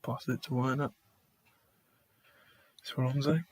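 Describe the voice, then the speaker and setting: This man runs a live watchalong stream of a football match, calling out chat members by name and often sighing and restarting his sentences. His medium-pitched voice is steady and unhurried.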